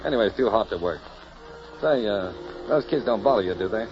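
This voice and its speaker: A man's voice: on the low side, a little fast, over music, close to an everyday voice. A man playing a breezy young newspaperman. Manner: breezy, lively. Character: young male newspaperman, eager and lively. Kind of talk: 1940s radio acting. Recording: muffled old radio recording with hiss.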